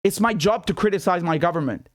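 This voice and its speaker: A British man hosts his own commentary show as an independent journalist, addressing the camera in a monologue. His high voice moves at a quick pace, recorded studio-clean with no echo. He sounds incredulous and sarcastic, firing off rhetorical questions again and again.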